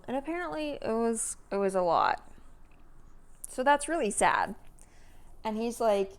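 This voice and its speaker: A woman in her early thirties talking casually and at length in a vlog, meandering with lots of "like"s and sighs, sometimes sinking to a soft near-whisper. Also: mid-range voice. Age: 30s. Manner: chatty, meandering, many "like"s and sighs. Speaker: vlogger.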